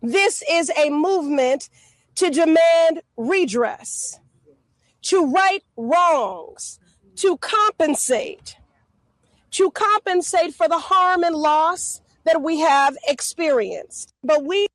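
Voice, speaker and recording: A woman lawmaker giving a formal speech in a measured, declamatory way. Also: extremely high pitch, animated, dry recording. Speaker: congresswoman.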